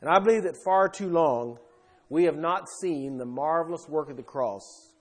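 Emphatic high-voiced preacher. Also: male voice, normal speed. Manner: emphatic, swinging between loud bursts and quiet asides. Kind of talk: sermon.

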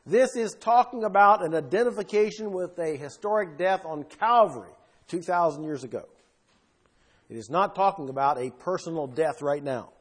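A man preaching a sermon with emphasis, swinging between loud bursts and quiet asides. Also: on the high side, normal speed, husky.

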